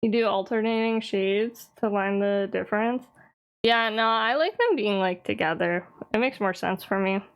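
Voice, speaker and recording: A woman streams live and talks in a relaxed, chatty way. She teases the people in her chat and answers them, laughing often as she goes. Her voice sits at an ordinary middle pitch. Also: moderate pace, clear, resonant tone.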